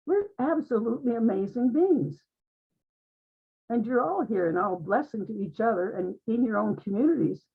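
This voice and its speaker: A woman's voice: fairly high pitch, expressive, normal speed, slightly rough. A woman giving an earnest, uplifting spiritual talk to an online group, often repeating her phrases. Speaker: guest speaker in an online group conversation. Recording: tinny phone-like line.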